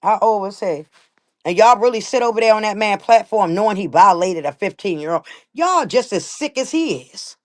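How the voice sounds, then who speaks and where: A woman's voice: mid-range voice, lively intonation, normal speed. A woman hosting a livestream, talking bluntly and emphatically in a heated, profane rant. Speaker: livestream host.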